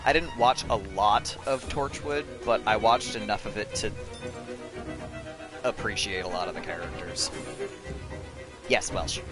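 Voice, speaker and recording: A man's voice: fairly low pitch, a little slow, long pauses. A man chatting loosely to viewers while playing a video game live, swearing freely and rambling. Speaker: game streamer. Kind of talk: casual live-stream commentary. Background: game music.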